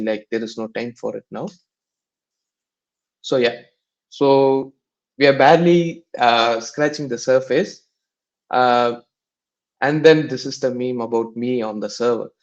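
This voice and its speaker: A man walks listeners through a research paper in a live online session. He explains haltingly, full of fillers and restarts. His medium-pitched voice comes through slightly muffled call audio. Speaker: paper reading session presenter.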